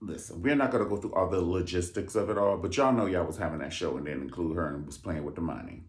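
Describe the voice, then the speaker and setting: Sassy man host, calling everyone honey. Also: fast talker. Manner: sassy, animated, calls listeners honey and baby; breaks into high mocking impressions and singing. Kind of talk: casual comedic commentary.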